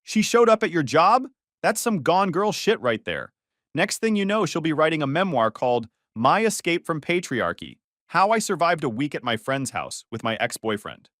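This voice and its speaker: A brash, cynical best friend who cracks jokes at every turn, voiced by a man with a lively, bouncing pitch. The recording is close and dry. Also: moderate pace, no room sound. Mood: mocking.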